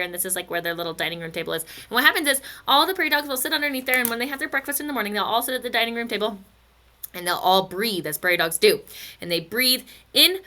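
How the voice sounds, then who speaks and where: A woman's voice: mid-range voice, bright, forceful tone. A woman teaching a recorded physics lesson, chatty and playful, slipping into silly stories and asides.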